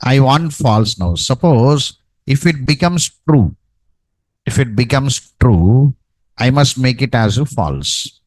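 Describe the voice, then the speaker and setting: A man's voice: medium pitch, expressive, slow pace, no echo, low-quality recording. A man teaching a programming class, dictating code and checking in with "no?" and "okay, right". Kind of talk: live coding lesson.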